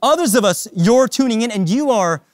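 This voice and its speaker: A male pastor preaching a sermon in an animated, humorous and emphatic way. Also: very high voice, fairly quick, no room sound, studio quality.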